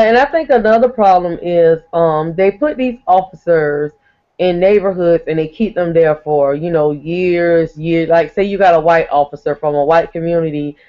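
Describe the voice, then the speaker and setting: A man on an online panel who lays out his argument in a steady, explanatory way. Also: on the high side. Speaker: panel guest. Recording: dull lo-fi call audio.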